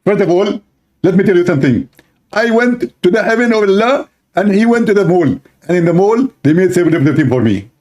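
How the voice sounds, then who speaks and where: A man voicing a boastful preacher husband in a mocking skit, talking in a pompous, rapid-fire way. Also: sits high, expressive, darkish tone, pitched above the performer's own voice.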